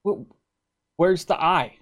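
A man's voice: sits high, slow. A young man with an American accent talks in a slightly raised register. He teases his friend and swears freely in loose, casual banter, and he comes through an online voice-chat mic.

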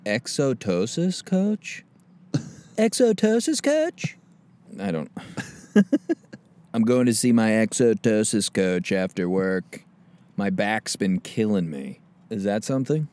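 A man's voice: on the low side, a little slow, pauses often, darkish tone, clear, resonant tone. A man co-hosting a casual chat, joking, swearing and laughing often. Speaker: podcast co-host.

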